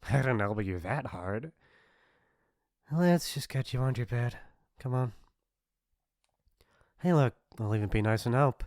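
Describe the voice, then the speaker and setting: A man's voice: mid-range voice, lively intonation, measured pace, pauses often, darkish tone, dry recording, clean studio sound. A man voicing a mean, teasing popular bully in an ASMR role-play, mocking and laughing often. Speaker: voice actor.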